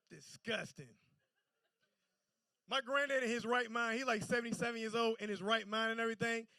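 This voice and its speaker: High, gravelly stand-up comedian. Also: male voice, moderate pace, bright, forceful tone, dry recording. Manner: loose, storytelling, stammering restarts.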